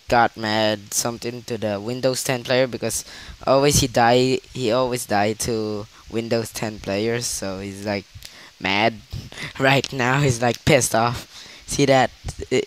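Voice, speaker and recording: A man's voice: medium pitch, a bit bright, smooth, poor audio. A teenage male gaming host reacting live to his mobile game with gasps and repeated exclamations, speaking loosely with shaky grammar. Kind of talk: live gameplay commentary. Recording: faint hiss.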